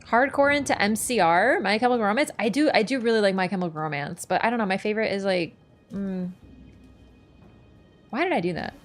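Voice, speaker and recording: A woman's voice: medium pitch, brisk, soft background music. A woman streaming a game, chatting casually in a playful, teasing, rambling way. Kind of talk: casual chat while gaming.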